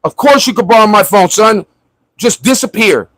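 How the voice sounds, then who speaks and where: Guy putting on an impatient mom, curt, kinda high voice, dry sound. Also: expressive, normal speed, a bit bright, dry recording, poor audio. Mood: dismissive. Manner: curt, dismissive. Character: impatient mother dismissing her son.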